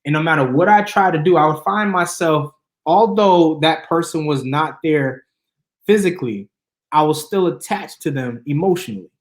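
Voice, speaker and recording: A man's voice: a little high, moderate pace. Earnest young man telling his story. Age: 20s. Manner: earnest, drawling, plays the people he quotes. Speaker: guest. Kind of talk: casual interview storytelling. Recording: roomy echo.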